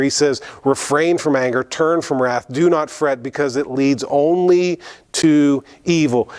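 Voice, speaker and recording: Male pastor, mid pitch, earnest sermon delivery, repeats and restarts. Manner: earnest preaching with repetitions and restarts. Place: church.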